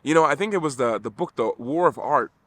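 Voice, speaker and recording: Male vlogger, middle-aged, slightly high voice, emphatic motivational delivery to camera. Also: animated, a little fast, fairly bright tone. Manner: earnest, repetitive restarts, emphatic.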